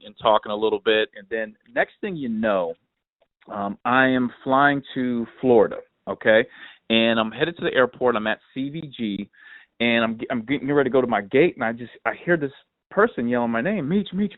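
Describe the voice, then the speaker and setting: Male podcast host, mid-pitch, animated storyteller, dry narrow phone-line sound. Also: normal speed, no room sound. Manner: animated storyteller, lots of fillers. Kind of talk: casual sports chat.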